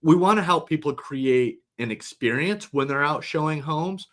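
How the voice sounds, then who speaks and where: A middle-aged man, a company founder, talking casually as a webinar guest, relaxed and rambling with restarts. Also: a little high, moderate pace.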